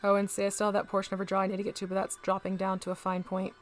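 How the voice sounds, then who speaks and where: A woman's voice: mid-range voice, monotone, very fast, soft background music. A woman hosting a casual live stream, chatting to viewers as she paints miniatures and talks through each step.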